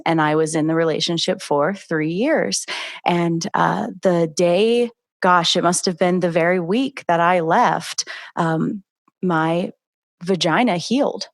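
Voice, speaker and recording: Soft-spoken woman podcast host, dry sound. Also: on the low side, no room sound. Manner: soft, reflective, gives frequent murmured agreement. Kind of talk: podcast interview.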